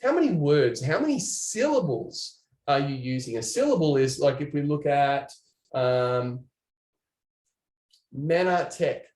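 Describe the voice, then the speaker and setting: A man with a fairly high voice gives a lively online training talk. He speaks in a chatty, animated way to his viewers. The sound carries a noticeable room echo. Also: unhurried. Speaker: presenter.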